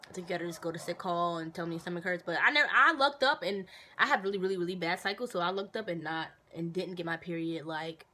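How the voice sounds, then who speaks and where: A young woman talking casually into her phone for a Q&A vlog, telling stories with animated, indignant bursts and lots of fillers. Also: on the low side, fast, few pauses. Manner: animated storytelling, indignant outbursts, many fillers. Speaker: vlogger answering viewer questions.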